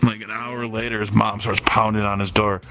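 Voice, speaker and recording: A man's voice: on the low side, little pitch movement, moderate pace, a bit bright, faint music behind. A young man chatting on a podcast, stoned, telling rambling profane stories and laughing. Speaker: podcast host. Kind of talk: casual chat, storytelling.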